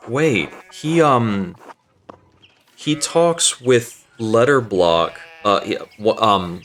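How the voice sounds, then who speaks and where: Deep-voiced man musing through a game. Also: animated, extremely slow, a bit bright, slight background noise. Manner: musing aloud with frequent fillers. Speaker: gaming channel host. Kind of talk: let's play commentary, reading dialogue aloud.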